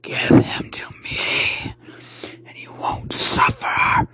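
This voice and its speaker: A man voicing a menacing monstrous creature in a raspy, unvoiced whisper. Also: slow pace, sharp tone.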